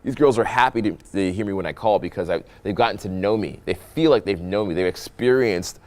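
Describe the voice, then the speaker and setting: A young man talking as a dating coach over his own footage, animated and playful, deliberately swinging his voice between loud and soft. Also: on the low side. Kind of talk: voice-over commentary on infield footage.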